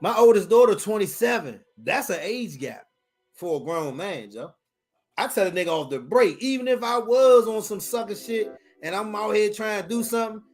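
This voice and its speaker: Brief: forties male podcast host, lively swooping delivery, cusses freely, exasperated commentary. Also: on the high side. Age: 40s. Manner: profane, exasperated, animated.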